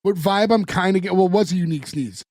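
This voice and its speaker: Co-hosting a podcast, a man chats his way through a TV episode recap, wandering off track, retelling scenes, and using many fillers. He speaks quickly in a voice that sits high with a darkish tone, and the studio recording is clean and dry.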